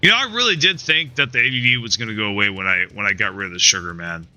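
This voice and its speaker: A man's voice: fairly low pitch, fast, sharp tone, dry recording, soft background music. A man streaming a video game live, talking casually in a rambling, profane, frustrated way, restarting his sentences and tagging them with "man" and "dude". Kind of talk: casual live-stream chat while playing.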